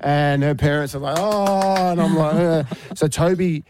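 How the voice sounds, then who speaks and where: A man's voice: a little high, a little fast, slight background noise. A male radio host with an Australian accent, telling a story in casual chat and acting out the voices in it. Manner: animated, acts out quoted voices. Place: radio studio.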